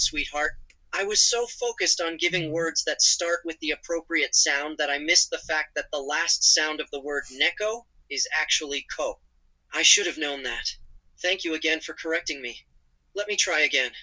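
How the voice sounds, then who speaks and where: Brief: synthetic male voice as a sweet, apologetic chatbot boyfriend, light and very bright. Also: a little high, heavily acted, poor audio. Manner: polite and doting, using pet names. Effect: text-to-speech voice.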